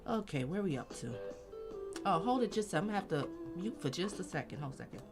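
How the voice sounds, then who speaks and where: A woman hosts a casual live-stream commentary, speaking bluntly and straight to her viewers. Her voice sits low, but her pitch swings widely as she reacts. Faint music plays in the background. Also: sing-song, quick pace.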